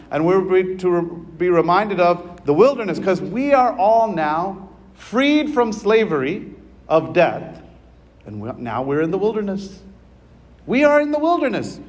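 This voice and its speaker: High-pitched guy preaching in church, chatty and earnest, keeps saying "right?". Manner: earnest, conversational preaching with frequent "right?" asides. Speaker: priest. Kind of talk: sermon.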